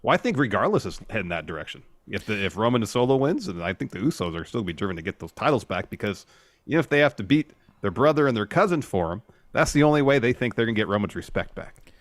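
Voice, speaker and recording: A man's voice: fairly low pitch, big pitch swings, fast talker, dry recording. A man co-hosting a casual wrestling recap podcast, talking steadily and agreeably as he weighs where the story is going.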